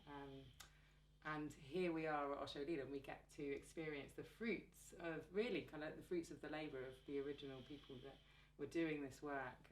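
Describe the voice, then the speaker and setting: A low-pitched woman leads the interview, backing her guest with frequent murmurs of agreement and easy laughter. Her voice sits in a roomy, echoey space, with a faint hum underneath. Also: steady tone, fairly quick. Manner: affirming, many "mm"s, warm laughter. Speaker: podcast host, interviewer. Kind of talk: conversational interview.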